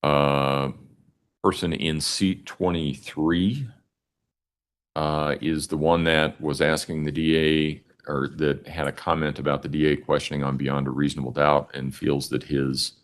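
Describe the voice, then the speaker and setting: A man presiding as judge in court, speaking in a measured, halting way with fillers. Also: a bass voice, little pitch movement. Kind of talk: courtroom proceedings.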